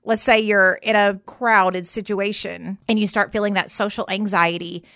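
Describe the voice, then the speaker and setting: A woman therapist talks through emotions in a loose, conversational podcast style, slipping into quick client voices as she goes. Her voice sits at an ordinary middle pitch and the recording is dry and close, with no room sound. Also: steady tone, fairly bright tone, no echo. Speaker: therapist host. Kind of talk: podcast explainer monologue.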